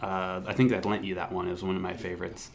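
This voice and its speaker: A man co-hosting a comics podcast in casual chat, relaxed and joking, stumbling through filler restarts. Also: low voice, fast talker, slight background noise. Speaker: podcast co-host.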